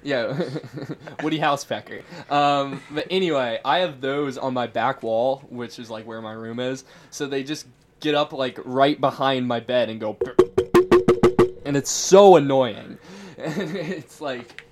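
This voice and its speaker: A man's voice: medium pitch, unhurried, slight background noise. A teenage boy co-hosting a casual podcast, telling stories in a rambling way and laughing mid-sentence. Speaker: podcast co-host. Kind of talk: casual chat.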